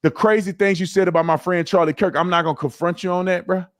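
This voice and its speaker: A man's voice: high-pitched, fairly even intonation, fast. A man talking combatively on a show, repeating taunts at someone he plans to confront.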